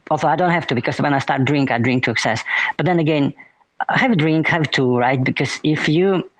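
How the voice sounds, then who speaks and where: A man's voice: fairly high pitch, fairly quick, dry recording, rough recording. Musing man co-host in a dry room. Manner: musing, philosophical banter. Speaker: podcast co-host. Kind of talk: casual chat.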